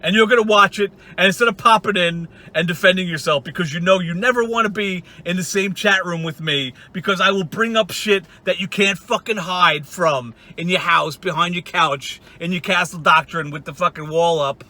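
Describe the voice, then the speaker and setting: A man's voice: high voice, moderate pace, hardly any pauses, pushed and bright. A man ranting in a casual vlog monologue, mocking and profane, often breaking into laughter. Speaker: online video creator.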